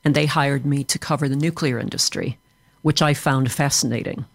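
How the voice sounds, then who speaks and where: Gravelly American man, interview guest. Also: medium pitch, moderate pace, dry recording. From Chicago, USA. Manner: fluent, explanatory storytelling. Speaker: author and trainer, interview guest. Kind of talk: interview answers.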